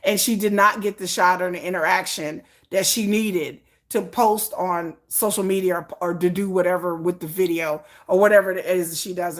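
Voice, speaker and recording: A woman host ranting through a commentary vlog, sarcastic and exasperated, swearing freely and mocking others in exaggerated voices. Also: fairly low pitch. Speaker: K-pop news commentator.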